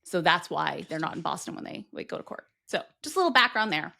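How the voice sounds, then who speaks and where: A woman's voice: on the low side, very animated, quick pace, gravelly, pushed and bright. A woman co-hosting a podcast, chatting at length and explaining background in a casual way. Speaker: podcast co-host. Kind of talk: casual chat.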